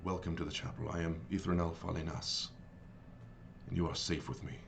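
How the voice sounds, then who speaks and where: A man putting on a serene otherworldly abbot who speaks softly and slowly. The voice is deep, low and hushed, with faint ambient noise behind it. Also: level tone, vocal fry. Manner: soft, slow and hushed.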